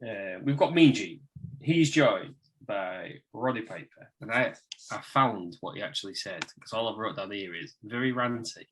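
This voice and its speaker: A man's voice: lowish voice, expressive, moderate pace, a bit bright, a little hiss or hum. A man co-hosting a casual wrestling review podcast, emphatic and laughing often. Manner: reads notes aloud, laughs often, emphatic. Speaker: podcast co-host.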